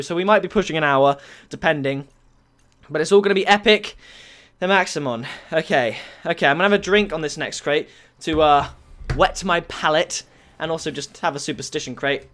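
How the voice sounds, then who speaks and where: Excitable young man gaming. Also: fairly high pitch. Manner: excitable, bursts into shouts and laughs. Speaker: gaming YouTuber. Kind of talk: excited game-opening commentary.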